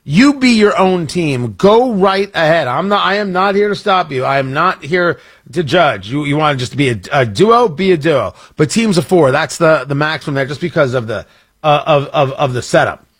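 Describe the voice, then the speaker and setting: Husky-voiced radio host man. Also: a little high, animated, normal speed, a bit bright, no echo, studio quality. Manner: rambling, self-interrupting, jokey. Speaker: radio talk show host. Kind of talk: casual on-air chat and promo. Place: radio studio. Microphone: studio microphone.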